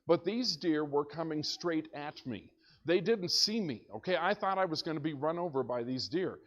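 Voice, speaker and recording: Animated storytelling pastor with a higher voice. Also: male voice, moderate pace, highs cut off. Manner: animated storyteller, shouts when excited. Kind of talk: storytelling sermon. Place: church sanctuary.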